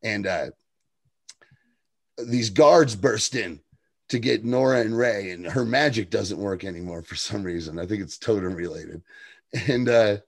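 A man's voice: on the low side, a little slow, gravelly. A man co-hosting a podcast, chatting casually about a TV episode, laughing often and acting out lines as he recaps. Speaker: podcast co-host.

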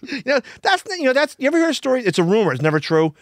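A man's voice: very high voice, sing-song, very fast, dry recording. A man on a podcast, telling rambling anecdotes in casual chat, with frequent restarts. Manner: rambling, restarts, laughs often.

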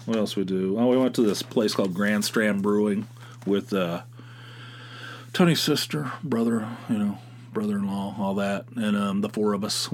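A man from Pennsylvania hosts a podcast solo, meandering through a casual story. He talks with wry, profane asides and circles back on himself. His pitch sits in an ordinary middle range for a man. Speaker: podcast host.

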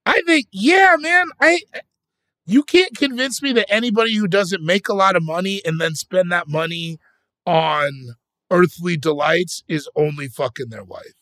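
A young man co-hosting a casual podcast, animated and rambling, often restarting his sentences. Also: sits high, measured pace, dry recording. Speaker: podcast co-host.

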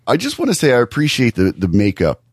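A man co-hosting a podcast, talking things over in a thoughtful, halting way with many restarts. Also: mid-range voice, wildly swooping pitch, breathy edge, no echo, clean studio sound. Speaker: podcast co-host. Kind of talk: casual podcast discussion.

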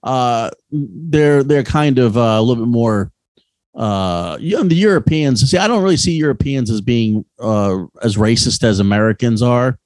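A man's voice: mid-range voice, normal speed, darkish tone, no echo. A man co-hosting a podcast, talking casually, rambling with many restarts and fillers. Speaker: podcast co-host. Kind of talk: casual chat.

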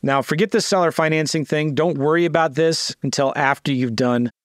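A man's voice: a little high, brisk, no room sound, studio quality. A man teaching a real estate sales script, acting out seller calls with a lifted, eager voice between plain explanation and restarts. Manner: acts out phone lines in a lifted, eager voice; fillers and restarts, talks through a script. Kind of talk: screen-share teaching, casual.

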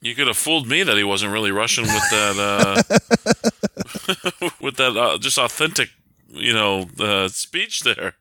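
A man's voice: lowish voice, lively intonation, unhurried, sharp tone, no echo. A man co-hosting a podcast, chatting casually with dry jokes and frequent laughs. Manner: dry joking, laughs often. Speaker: podcast co-host.

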